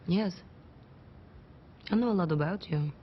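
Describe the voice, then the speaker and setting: An actress playing a sly, teasing young female assassin, speaking in a slow, amused, mocking way. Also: on the low side, lightly acted. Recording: slightly dull TV clip with music. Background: clear score music.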